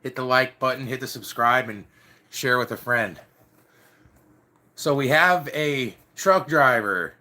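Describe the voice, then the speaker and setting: A man's voice: medium pitch, lively intonation, unhurried, sharp tone. A young man telling stories casually to camera in a loose, slangy, swearing way, acting out the quotes.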